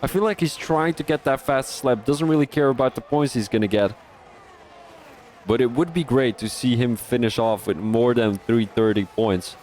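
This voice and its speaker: Excitable man calling a sim race. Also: mid-range voice, normal speed, slight background noise. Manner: excitable, rising sharply at overtakes, many restarts. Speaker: sim racing league commentator. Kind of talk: live-stream race commentary.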